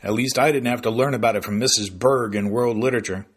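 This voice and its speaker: A man voicing a quick-witted teenage sister who teases her brother. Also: mid-range voice, steady tone, breathy edge, lightly acted. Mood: teasing. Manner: wry, teasing.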